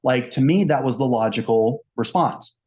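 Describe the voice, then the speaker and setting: A man's voice: mid-range voice, normal speed, darkish tone. Earnest man telling his story, lo-fi. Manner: earnest, conversational, acting out quoted dialogue. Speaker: autistic self-advocate. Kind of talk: personal storytelling to camera. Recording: dull lo-fi recording.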